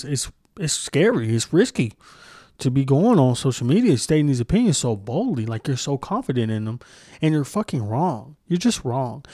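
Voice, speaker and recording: Ranting hard on his own podcast, this young host swears heavily and mocks people with impressions. He speaks in a mellow mid-range voice, and the recording is dry and clean, like a studio.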